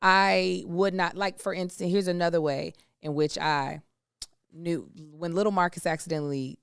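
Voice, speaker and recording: A woman's voice: lowish voice, fairly even intonation, normal speed, creaky, smooth, dry recording, studio quality. A woman in her thirties co-hosting a podcast, chatting candidly and emphatically about parenting. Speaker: podcast co-host. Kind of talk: casual chat.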